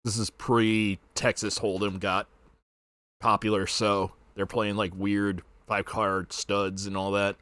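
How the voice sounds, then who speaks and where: A man's voice: lowish voice, flat delivery, slow, fairly bright tone, smooth, dry recording. A man streaming a retro video game, rambling with sarcastic asides. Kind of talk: casual gaming commentary.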